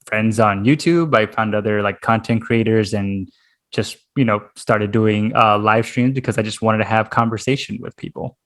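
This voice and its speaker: A man from the United States hosting a casual interview over a video call, relaxed and hesitant, with many fillers and laughs. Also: lowish voice, normal speed. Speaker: podcast host, interviewer.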